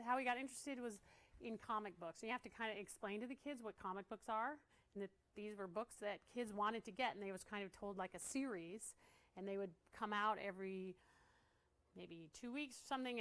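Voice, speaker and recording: A woman's voice: mid-range voice, a bit bright. A woman giving a casual training talk to art teachers, chatty and laughing often as she acts out what kids say.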